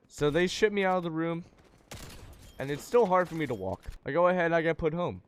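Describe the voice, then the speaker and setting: A man's voice: on the high side, lively intonation, fairly quick, a little hiss or hum. A young man telling a personal story in a laid-back, slangy way, swearing freely. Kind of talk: casual story time.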